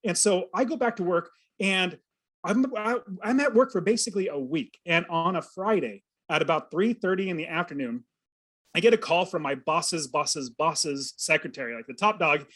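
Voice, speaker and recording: A man in his thirties, a podcast guest, telling a personal story with earnest, animated feeling and acting out his own thoughts. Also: sits high, moderate pace. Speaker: podcast guest, real estate investor. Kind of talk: storytelling in an interview.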